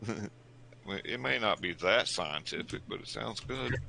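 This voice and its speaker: Low gravelly guy streaming, laid-back, laughs a lot, just chatting with friends. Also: animated, moderate pace, bright, forceful tone. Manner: laid-back, laughs often, drawling asides. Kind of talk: casual chat on a livestream.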